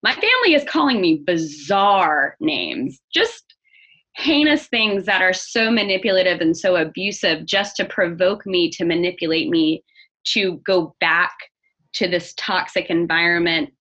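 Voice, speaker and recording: Young woman, bright voice, earnest, frequent restarts, dull recording. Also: fairly low pitch. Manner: earnest, open, restarts often. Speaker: guest. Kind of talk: candid personal interview. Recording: dull lo-fi audio.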